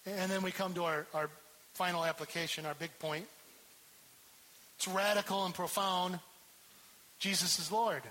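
Bright high-voiced man preaching. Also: fairly even intonation, normal speed, pauses often, poor audio. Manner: emphatic preacher, repeats words for stress. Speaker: pastor. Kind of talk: sermon.

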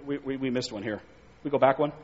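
A man's voice: mid-range voice, fast. A man preaching a sermon, reading scripture aloud and pressing his points with emphatic rises. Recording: dull sound with long hall reverb.

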